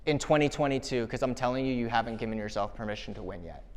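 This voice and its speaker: A man giving a live motivational keynote at an event, talking in a punchy, energetic way and firing rhetorical questions at the crowd. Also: mid-range voice, quick pace, a little hiss or hum. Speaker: motivational speaker.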